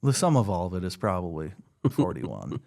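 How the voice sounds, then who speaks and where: A man hosting a podcast, chatting casually about a film, animated and quick to laugh. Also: low voice, creaky. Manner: animated, laughs often, jokey asides. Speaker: podcast host. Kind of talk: casual chat reviewing a film.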